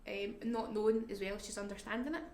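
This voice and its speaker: A woman, talking candidly in an interview about caring for a family member, speaking reflectively and haltingly, at times dropping to a near-whisper. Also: mid-range voice, fairly even intonation, darkish tone. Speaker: family carer. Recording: echoey room, faint background noise.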